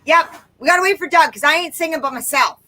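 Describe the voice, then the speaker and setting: Out in her backyard, a woman co-hosts a laid-back livestream, chatting and reading out comments from viewers. She talks fast in a high, pushed, bright voice, captured poorly by a laptop mic.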